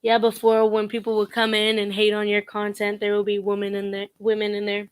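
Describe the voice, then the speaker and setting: A woman's voice: medium pitch, flat delivery, normal speed, smooth, no echo. A young woman vlogging casual commentary, sassy and blunt, laughing often as she mocks.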